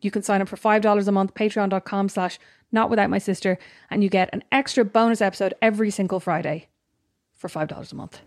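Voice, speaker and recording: A woman's voice: mid-range voice, fairly even intonation, fast talker, dry recording, clean studio sound. A woman co-hosting a casual podcast with her sister, chatty and teasing. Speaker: podcast co-host.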